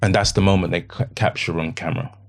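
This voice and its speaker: A podcast guest with a very low, deep voice tells an emotional story of something painful from his own life. His tone is steady, but he speaks haltingly, repeating phrases and quoting what he said back then. He often drops into a hushed, near-whispered voice.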